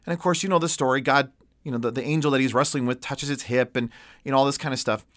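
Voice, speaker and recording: A man preaching a storytelling sermon, animated and laughing as he retells a story. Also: mid-range voice, fast, no room sound, clean studio sound.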